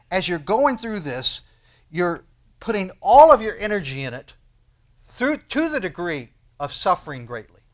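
A man preaching a sermon in a conversational, animated way, acting out prayers and asking rhetorical questions. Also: fairly high pitch. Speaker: pastor.

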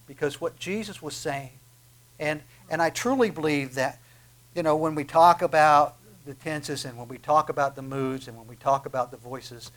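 Fervent male preacher, fairly high voice. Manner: fervent, swells to emphatic peaks, frequent restarts. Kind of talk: sermon.

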